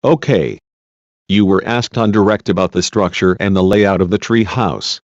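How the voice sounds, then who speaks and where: A man reading a male defense lawyer's questions, measured and reassuring, in a dull lo-fi recording. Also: deep voice, no room sound. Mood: courteous. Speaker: cross-examining lawyer.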